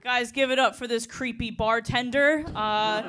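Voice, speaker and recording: A woman's voice: a little high, steady tone, moderate pace, hardly any pauses, a bit bright, smooth. A woman delivering sarcastic roast jokes in a comedy battle.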